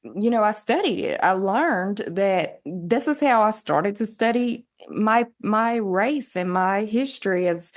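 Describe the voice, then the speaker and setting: A woman's voice: medium pitch, a little slow. Tennessee-twang woman, musician guest, chatty storyteller who acts out quotes. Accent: West Tennessee Southern twang. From West Tennessee, USA. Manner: storytelling, animated quoting of others. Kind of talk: casual interview chat.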